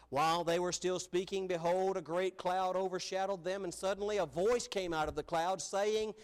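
A middle-aged man preaching a sermon, telling stories earnestly and dropping soft on key phrases. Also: high voice.

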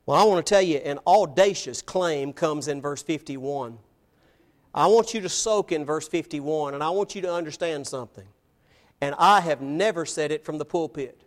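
A man preaching a sermon from the pulpit, emphatic, asking rhetorical questions and swinging between loud and soft. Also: fairly high pitch, moderate pace. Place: church, evening service.

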